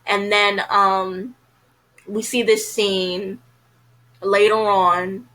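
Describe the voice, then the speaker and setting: Bright-voiced woman reviewing a show. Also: mid-range voice, flat delivery, very slow, poor audio. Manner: chatty, frank, heavy use of "you know" fillers. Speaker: TV episode reviewer. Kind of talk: casual spoken review.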